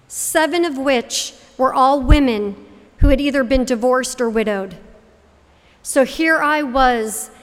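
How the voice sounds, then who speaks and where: A middle-aged woman from Connecticut telling a personal faith testimony, acting out the voices of the people in her story. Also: high voice. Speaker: speaker giving a faith testimony. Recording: hall reverb.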